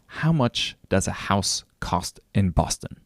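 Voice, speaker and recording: A man's voice: sits low, very animated, slow pace, no room sound, heavily acted. A man voicing a pushy, impatient male friend who keeps pressing blunt questions, in a close, dry recording. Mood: insistent.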